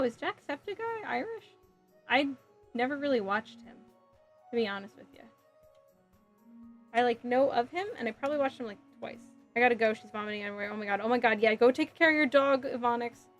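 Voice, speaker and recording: A woman with a slightly high voice chats on a casual live stream as she builds a model kit. She is sassy and playful and giggles easily as she answers her chat. Soft music plays faintly underneath.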